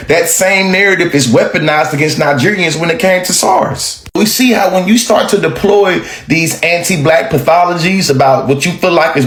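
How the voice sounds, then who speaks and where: A man hosting a critical video commentary, speaking in a measured, pointed, lecturing way. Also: fairly high pitch. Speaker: commentary host. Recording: echoey room.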